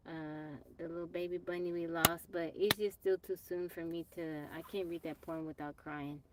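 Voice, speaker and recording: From her off-grid home, a Texas woman hosts a casual livestream on her phone, chatting with viewers, greeting them by name, and plainly brushing off trolls. Her voice is lowish, with a little hiss or hum in the audio.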